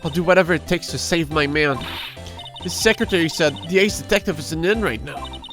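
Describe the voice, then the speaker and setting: A man's voice: fairly high pitch, fairly quick, natural voice. A man voicing a dramatic, doting middle-aged wife from a game, in a gushing, melodramatic manner. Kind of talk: reading game dialogue aloud. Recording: game music underneath.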